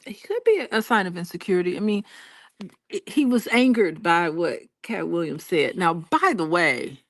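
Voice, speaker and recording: A woman's voice: fairly low pitch, lively intonation, moderate pace, no room sound. Frank woman co-host from Alabama. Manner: frank, opinionated. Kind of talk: casual commentary.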